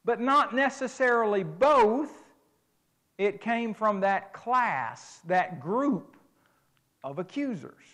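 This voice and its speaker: A man's voice: high-pitched, expressive, slow pace, a bit bright. A middle-aged man preaching a conversational, emphatic sermon lecture, often restarting his phrases.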